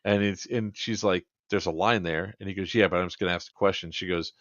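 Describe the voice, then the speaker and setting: Guy with a lowish voice telling a funny story on a podcast, dull dry sound. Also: fast, no echo. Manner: animated anecdote-telling, quoting others in dialogue. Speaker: podcast co-host. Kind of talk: casual storytelling chat.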